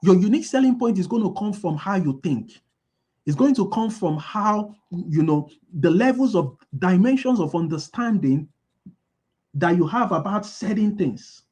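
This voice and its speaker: High-voiced man repeating points for emphasis. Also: animated, moderate pace, a little mellow. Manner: repeats key lines for emphasis; asks the audience call-and-response questions. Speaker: business speaker. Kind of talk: motivational business talk.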